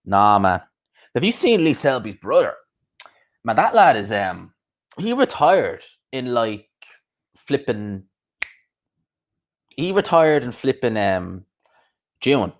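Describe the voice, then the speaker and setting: A man's voice: mid-range voice, very animated, slow pace, long pauses. A young man hosting a boxing talk show, ranting bluntly and heatedly, swearing and repeating himself. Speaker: boxing podcast host. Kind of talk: casual ranting commentary.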